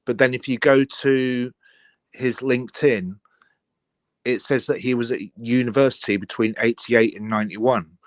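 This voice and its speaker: A man's voice: medium pitch, steady tone, moderate pace, no room sound. Polite, methodical man caller, dry sound. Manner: methodical, polite, lays out details. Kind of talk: casual call-in chat.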